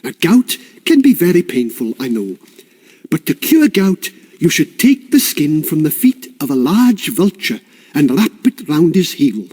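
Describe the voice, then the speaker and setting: A man's voice: on the high side, very animated, measured pace, darkish tone. Folksy old village wise woman, rambling and homely, voiced by a man. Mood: chatty.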